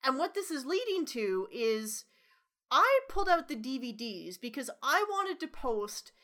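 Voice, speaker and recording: High bright-voiced woman ranting animatedly. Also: measured pace. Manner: animated ranting, frequent swearing and laughter. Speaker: podcast co-host. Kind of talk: casual chat.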